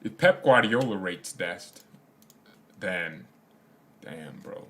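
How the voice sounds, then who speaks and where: Young male fan-channel host, lowish voice, loose slangy rambling with frequent laughs, keyboard clicks behind. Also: animated, takes it slowly, pushed and bright, a little hiss or hum. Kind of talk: casual livestream chat reading comments.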